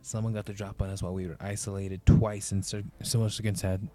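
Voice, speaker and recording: A man dramatically reading a fan-made visual novel aloud, voicing the protagonist with expressive outbursts and frequent swearing. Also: fairly low pitch, fast talker. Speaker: game reader, voicing the protagonist.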